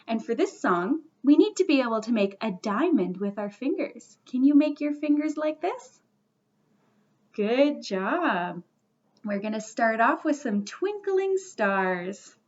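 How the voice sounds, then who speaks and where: A young woman reads a bedtime story to small children, her high voice soft, playful and coaxing. She takes her time, drawing the little ones in to join along. The recording sounds a little dull and muffled. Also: big pitch swings, a little slow. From Canada. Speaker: children's librarian.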